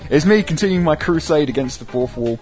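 A man's voice: fairly high pitch, lively intonation, brisk, a little mellow, soft background music. A man in casual chat after a tabletop game, playful and keen to keep things on topic. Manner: playful, bossy about staying on topic.

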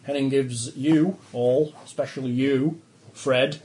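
A man's voice: mid-range voice, fairly even intonation, slow, mellow, poor audio. Man narrating as game master. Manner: descriptive narration with easy laughter. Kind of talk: narrating a tabletop horror game.

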